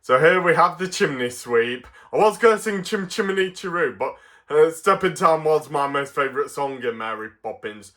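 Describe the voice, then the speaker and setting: Bright-voiced rambling English man. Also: on the high side, animated, moderate pace. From England. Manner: rambling, full of fillers and restarts, chuckles often. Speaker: toy reviewer. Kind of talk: casual video review.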